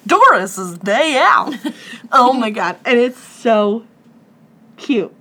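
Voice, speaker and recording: A woman's voice: fairly high pitch, extremely slow. A young woman co-hosting a podcast, retelling a movie in casual chat, giggling often and saying "like" a lot. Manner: giggly, animated retelling with lots of "like". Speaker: podcast co-host.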